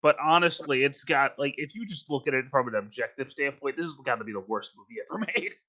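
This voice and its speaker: A man's voice: mid-range voice, fast, bright, forceful tone. A man co-hosting a podcast in casual chat, emphatic and rambling, often breaking into laughter. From North Carolina. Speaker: podcast co-host.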